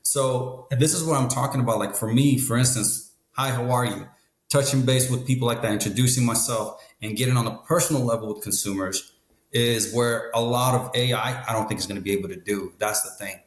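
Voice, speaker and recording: A car dealership expert, appearing as a guest in a casual interview, talks matter-of-factly about the car business and often ends sentences with "right?" His voice is medium in pitch and brisk. The recording has a roomy echo.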